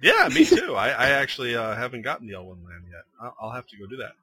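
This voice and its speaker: A man's voice: mid-range voice, fast talker. A man co-hosting a casual gaming podcast, telling stories with lots of laughter and acted-out quotes. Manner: animated storyteller, laughs often, acts out quoted lines. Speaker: podcast co-host. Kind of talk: casual chat.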